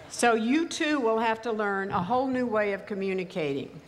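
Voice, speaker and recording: An older woman with a mild Texas accent, giving a commencement speech in a measured, wry storytelling manner. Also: on the high side, animated, a little hiss or hum. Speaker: commencement speaker. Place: large ceremony venue. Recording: reverberant hall, faint ambience.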